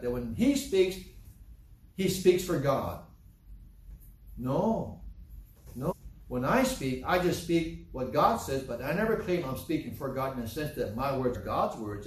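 A man's voice: mid-range voice, big pitch swings, unhurried, darkish tone, recorded from a distance. A man preaching a sermon, emphatic and repetitive, firing rhetorical questions and reading scripture aloud. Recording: echoey room, voice from off-mic.

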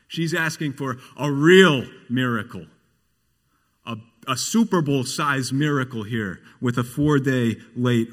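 A man preaching a sermon as pastor, earnest and often asking the congregation questions. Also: medium pitch. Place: church. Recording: long hall reverb.

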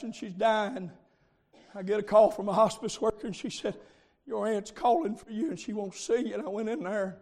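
A man preaching a revival sermon, moving from quiet storytelling to loud shouting. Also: extremely high pitch. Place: camp meeting with congregation. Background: congregation calling amens.

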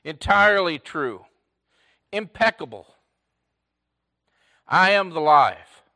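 Emphatic preacher, slow and bright-voiced. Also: male voice, on the high side, very animated, gravelly. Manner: swings between loud emphatic lines and hushed near-whispers; preaches in short, repeated declarative phrases. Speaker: pastor. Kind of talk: sermon.

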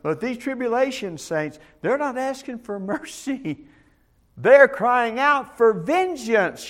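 A very high-pitched, very animated pastor preaches a Bible study sermon slowly and emphatically. He swings between loud declarations and soft asides, often doubling words at the start of phrases.

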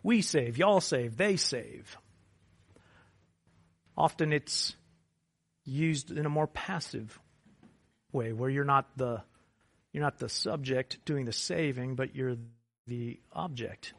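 A man preaching a sermon, moving from quiet, measured explanation to loud, impassioned appeals. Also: mid-range voice, creaky, dry recording. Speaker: pastor.

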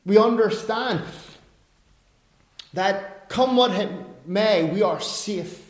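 A man's voice: sits high, drawn-out words. A middle-aged male pastor preaching a sermon, emphatic, with chatty asides and self-corrections. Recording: echoey room.

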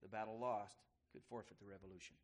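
A man reading a history story aloud to listeners, pausing to explain and correcting himself as he goes. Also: lowish voice, fairly even intonation. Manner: pauses to explain and restart phrases.

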